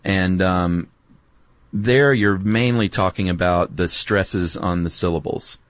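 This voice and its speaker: A man with a very low voice co-hosting a podcast in casual chat. He meanders through his points with hesitations and side remarks. The recording is close and dry. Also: takes it slowly, no echo. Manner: laid-back, meandering, hesitant with ums and asides. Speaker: podcast co-host.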